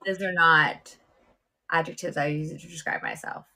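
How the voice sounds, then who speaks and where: A woman's voice: low voice, steady tone, moderate pace, bright, forceful tone. A woman co-hosting a casual talk show, speaking hesitantly with many fillers as she opens up about a personal hurt. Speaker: co-host. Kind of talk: casual chat.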